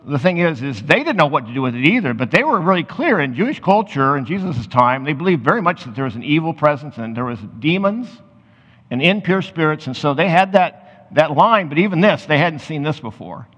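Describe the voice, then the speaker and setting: A pastor preaching a sermon, reading scripture aloud and then explaining it in loose, conversational asides. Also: male voice, on the high side, big pitch swings, a little fast, fairly bright tone. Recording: muffled sound with long hall reverb.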